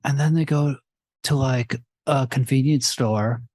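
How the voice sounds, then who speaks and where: A man co-hosting a laid-back movie podcast, rambling through a plot recap. He slips in quick mocking voices for the characters. His middle-pitched voice sits close and dry on the mic. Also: steady tone, darkish tone, no room sound. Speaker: podcast co-host. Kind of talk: casual film-review chat.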